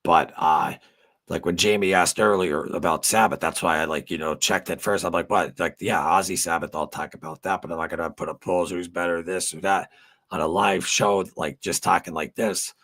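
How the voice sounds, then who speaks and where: Chatting casually with his livestream viewers, a middle-aged male host rambles along with many fillers and unrestrained swearing. His low voice is a bit bright, with a steady tone and moderate pace.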